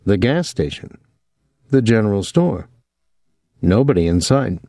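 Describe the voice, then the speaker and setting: A male audiobook narrator reads in a measured yet expressive way, his fairly low voice rising and falling widely. The recording is dry and close, with no room sound. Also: no echo.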